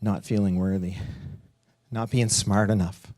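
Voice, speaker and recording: A middle-aged man telling a personal story live on stage, animated and swearing at times, leaping up in pitch as he acts out what people said. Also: a little slow, no room sound, clean studio sound. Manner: animated, acts out quotes with big pitch jumps, laughs and swears.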